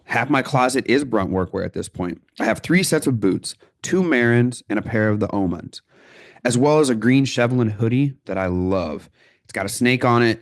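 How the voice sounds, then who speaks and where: Gravelly low-voiced man. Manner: conversational, folksy storytelling. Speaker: podcast host. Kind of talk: casual podcast interview.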